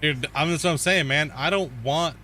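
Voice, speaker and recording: A man's voice: a little high, normal speed, sharp tone, a little hiss or hum. A man giving casual let's-play commentary as a gaming streamer, laid-back and slangy, calling everyone dude and bro.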